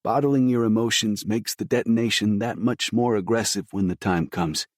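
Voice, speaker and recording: A gentle middle-aged father speaks with stern calm and tenderness, as a male narrator reads him. The delivery is steady and consoling. The sound is dry and close-miked. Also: lowish voice, moderate pace, dry recording, close to an everyday voice. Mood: tender. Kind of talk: audiobook dialogue.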